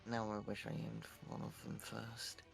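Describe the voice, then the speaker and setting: A man in a tabletop game, unsure of the rules and asking the dungeon master one question after another. His voice is fairly low, with a gravelly rasp running through it. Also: monotone, normal speed, soft background music. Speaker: player. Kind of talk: playing a tabletop game over a call.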